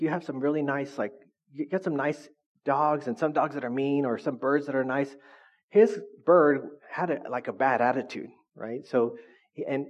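A man's voice: mid-range voice, a little mellow, dull audio. Chatty man preaching a sermon. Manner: conversational, frequent "right?" tags. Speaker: pastor.

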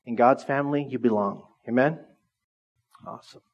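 Joking pastor with a dull-sounding voice. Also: male voice, medium pitch, moderate pace. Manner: chatty, joking with the congregation. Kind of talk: sermon.

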